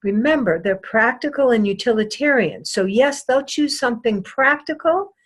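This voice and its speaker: A woman giving a recorded sales lesson, lecturing deliberately and repeating her key points for emphasis. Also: on the high side, expressive. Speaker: sales trainer.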